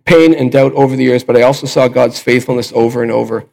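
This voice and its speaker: A man's voice: mid-range voice, steady tone, fast talker, gravelly, a little mellow, low-quality recording. An older man preaching a sermon, telling a personal story in a conversational way with fillers and restarts.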